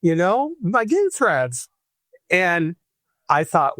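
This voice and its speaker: Man from Michigan, podcast guest, slightly high voice, lively storytelling, dry close sound. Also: slow pace, no room sound. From Michigan, USA. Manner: animated storyteller, acts out the voices he quotes. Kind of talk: personal storytelling in a podcast interview.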